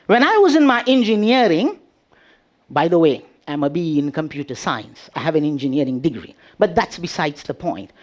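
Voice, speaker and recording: A man giving a humorous motivational speech with drawn-out delivery and pauses before punchlines. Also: fairly high pitch, sing-song. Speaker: speech contest speaker.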